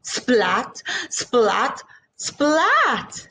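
A woman's voice: a little high, big pitch swings, slow, a little hiss or hum, poor audio. A woman reading a children's picture book aloud, acting out sound effects and chatting to young listeners. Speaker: children's storyteller.

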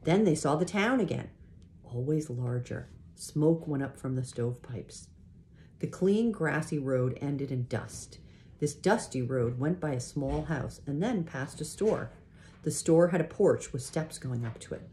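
A woman reading a children's chapter book aloud in a gentle, unhurried way, pausing to show the pictures. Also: low-pitched, expressive, slight background noise. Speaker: reader.

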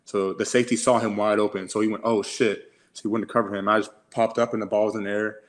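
A young man in his twenties co-hosts a podcast, racing through slangy, profane stories in casual chat packed with "like"s. His voice sits fairly low with little pitch movement.

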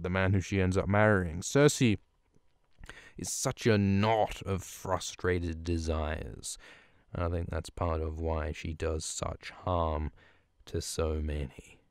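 A male podcast host rambles through a profane, casual recap, stumbling and restarting as he goes. His voice is low and smooth, and it sits close and dry on the mic. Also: darkish tone, no echo. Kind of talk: casual recap of a book chapter.

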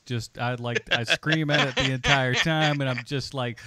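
A man's voice: a little high, a little fast, hardly any pauses, slight background noise. A man co-hosting a movie podcast, rambling and joking in casual chat. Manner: animated, rambling, jokey asides. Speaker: podcast co-host.

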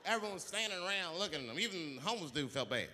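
A man performing stand-up comedy on a theater stage, telling a story in an animated way and acting out the voices of the people in it. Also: high voice, very fast. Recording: live theater with long reverb and audience noise. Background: audience laughter.

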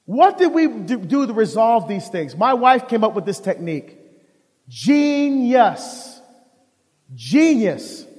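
A deacon giving a live talk on marriage to an audience, telling animated stories and acting out the dialogue. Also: male voice, high-pitched, normal speed. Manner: animated storyteller who acts out dialogue. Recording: long hall reverb.

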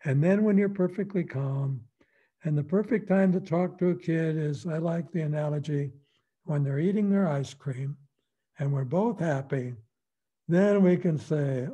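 An older man as a guest expert on a radio interview, calm and folksy, explaining with easy humor. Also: fairly high pitch, a little slow, slightly rough. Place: radio studio.

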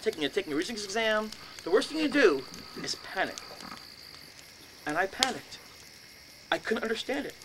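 A man with a fairly high voice tells a first-person story to a live audience. He acts out the scenes and breaks into sudden loud bursts. The recording is noisy, with crickets chirping in the background. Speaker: speaker at a haunted-house talk.

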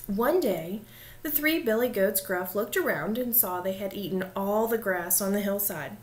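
A woman reading a children's storybook aloud, slowing down to dwell on dramatic details. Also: medium pitch, a little hiss or hum.

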